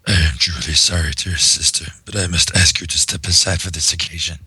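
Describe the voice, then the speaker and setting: A deep-voiced man reading a stately pony queen. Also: fairly even intonation, pushed and bright, slightly rough, full character voice. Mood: apologetic. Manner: measured, commanding formal speech. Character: stately elder female pony princess ruler. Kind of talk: live read-aloud of a fan comic.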